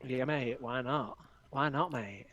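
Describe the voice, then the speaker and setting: A man's voice: mid-range voice, takes it slowly, a bit bright, dry recording, highs cut off. A man, a chirpy caller rambling in improvised comedy banter. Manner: chirpy, rambling, says mate a lot. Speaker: caller on the line.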